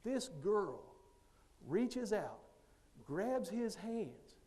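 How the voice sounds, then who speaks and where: A man's voice: high voice, very slow. A man who coaches, giving a motivational speech to teachers and acting out the dialogue in his stories. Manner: animated storyteller who acts out dialogue.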